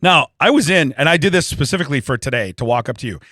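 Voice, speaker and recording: A man's voice: on the high side, animated, fast talker, bright, forceful tone, dry recording, studio quality. A man, telling a long comic story in casual podcast chat and laughing often. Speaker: podcast co-host.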